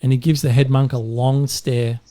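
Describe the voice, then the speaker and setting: A man's voice: medium pitch, level tone, moderate pace, dark tone. A middle-aged Australian man co-hosting a podcast, telling dad jokes in a rambling, jokey way with plenty of fillers. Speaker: podcast co-host.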